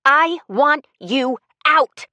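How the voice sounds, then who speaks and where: Brief: furious adult woman in an audiobook, demanding and sharp, voiced by the female narrator. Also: sits high, expressive, extremely slow, no room sound, voice pushed up, exaggerated voice. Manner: angry, demanding, rising to panicked shouts. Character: furious adult woman confronting a con man.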